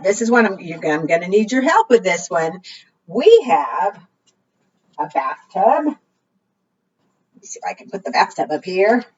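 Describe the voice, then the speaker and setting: A woman librarian leading a preschool storytime, reading aloud and gently encouraging the children. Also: mid-range voice, breathy edge. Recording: dull distant recording.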